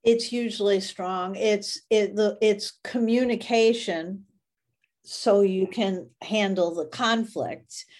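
A woman speaks slowly and deliberately in a podcast conversation, stressing her points emphatically. She strings examples together, pausing on fillers as she goes. Her pitch sits in the middle of the usual range for a woman. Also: fairly even intonation, a little mellow. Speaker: podcast co-host.

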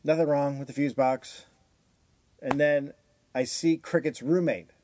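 A man's voice: fairly high pitch, fairly even intonation, a little slow, a little mellow, a little hiss or hum. A middle-aged man co-hosting a podcast, swearing freely and trading crude jokes in casual banter. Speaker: podcast co-host.

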